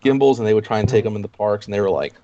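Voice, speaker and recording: A man's voice: fairly low pitch, very fast, mellow, a little hiss or hum. A man guesting on a live stream, telling stories in a loose, chatty way and laughing often. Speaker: guest YouTuber. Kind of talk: casual live-stream chat. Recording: dull lo-fi stream audio.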